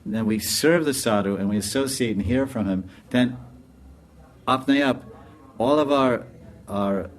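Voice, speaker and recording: A man giving a storytelling sermon as a spiritual teacher, animated and laughing as he tells it. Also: mid-range voice, unhurried, pauses often. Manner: animated, laughs while telling.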